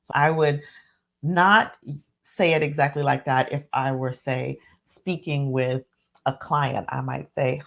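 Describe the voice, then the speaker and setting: Low, gravelly-voiced woman podcast host. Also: unhurried. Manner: reflective, repeats and rephrases phrases for emphasis. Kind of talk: solo podcast teaching talk.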